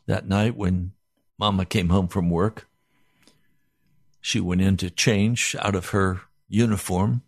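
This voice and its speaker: A pastor telling a personal story in an animated sermon. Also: male voice, deep voice, slow pace, no room sound, studio quality.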